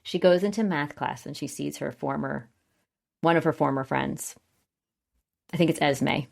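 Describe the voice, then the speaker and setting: A chatty young woman with a low, gravelly voice co-hosts a casual podcast. She recaps scenes and slips into quoting characters as she goes. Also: normal speed. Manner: quotes characters in lively voices, chatty, laughs often. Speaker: podcast co-host.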